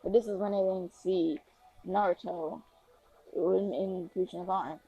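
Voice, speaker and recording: A woman's voice: fairly low pitch, steady tone, measured pace, dark tone, slightly rough, muffled recording. A woman casually improvising a fan story, rambling with lots of fillers and restarts.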